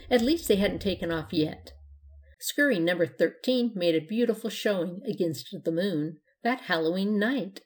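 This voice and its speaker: A woman narrating a children's storybook in a steady, gentle way. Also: on the low side. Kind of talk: storybook reading.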